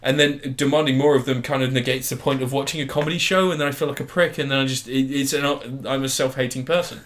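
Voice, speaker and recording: A man co-hosting a podcast, talking in a casual, animated way and swearing freely. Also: mid-range voice, fast talker. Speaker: podcast co-host. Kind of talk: casual chat.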